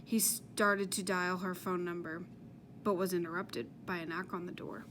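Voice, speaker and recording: A woman's voice: lowish voice, level tone, normal speed, noisy background. Sex: woman. Role: audiobook narrator.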